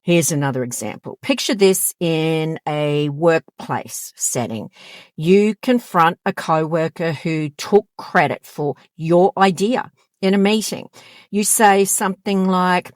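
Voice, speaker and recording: Slow, low-voiced woman giving advice. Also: dry recording, studio quality. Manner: direct, emphatic, acts out quoted lines. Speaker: counsellor and channel host. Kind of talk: advice monologue to camera.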